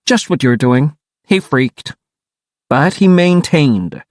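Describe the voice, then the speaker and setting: A man voicing a calm teenage girl who talks a frightened boy through a crisis, coaxing and steady, in an audiobook reading. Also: fairly high pitch, slow, no room sound, clean studio sound. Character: teen girl, gentle but persuasive.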